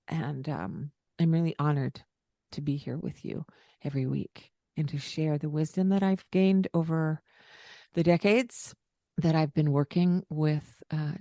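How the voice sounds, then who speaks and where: An older woman with a lowish voice speaks with deep feeling, her words sometimes fading to a near whisper as she grows tearful. She sounds close to a dry podcast mic, chatting with a co-host. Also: no echo. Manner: warm, tearful, soft-spoken at times. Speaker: parent coach and podcast host. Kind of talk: casual heartfelt chat.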